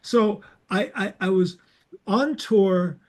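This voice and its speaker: An older man with a noticeably high voice hosts a casual podcast chat. He tells stories with energy and acts out both sides of the dialogue. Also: slow pace. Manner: animated anecdotes, acts out dialogue. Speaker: podcast host.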